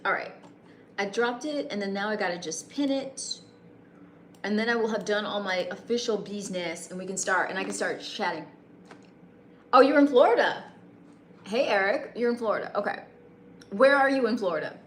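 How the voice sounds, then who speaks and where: A woman's voice: mid-range voice, a little fast, echoey room, slight background noise. A woman live streaming a rambling late-night chat with viewers, greeting them by name, with a broadcaster-like voice.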